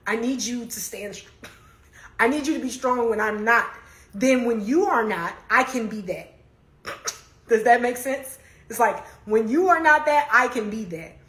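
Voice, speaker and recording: A woman's voice: a little high, a little slow, pauses often, fairly bright tone, roomy sound. A young woman hosting a casual livestream, talking candidly and laughing often as she answers comments. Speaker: livestream host. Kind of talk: casual chat, reading comments. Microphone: phone.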